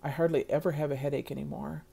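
A woman's voice: sits low, fairly even intonation, fast talker, gravelly, warm tone, breathy edge. A middle-aged woman talking to her viewers in a casual vlog, earnest and rambling, with many fillers. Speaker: vlogger.

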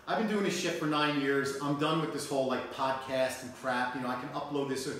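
A man hosts a casual live stream, rambling loosely and cursing as he goes. His voice sits at a middle pitch. It bounces around a very echoey room. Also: fairly even intonation, a little fast, a bit bright. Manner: loose, rambling, swears freely. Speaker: show host.

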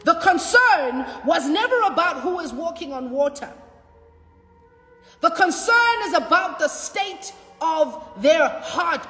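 A high-voiced woman preaches with fervor and repeats her key lines. Her voice rings through a hall with a long reverb, and soft music plays underneath. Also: very animated, slow pace. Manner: impassioned preaching with shouts and repetition. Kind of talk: sermon.

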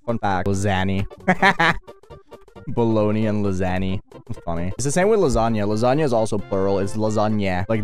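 A young man streaming a game, ranting in a rambling, profane, animated way as he plays. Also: on the low side. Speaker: gaming streamer. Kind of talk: casual commentary while playing.

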